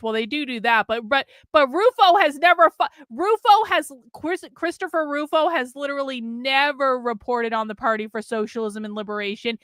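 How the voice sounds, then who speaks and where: This livestreaming political commentator, a few beers in, talks fairly quickly with few pauses in a slightly high voice. She's casual, profane, animated, sarcastic, and mocking, recorded at studio quality with no room sound.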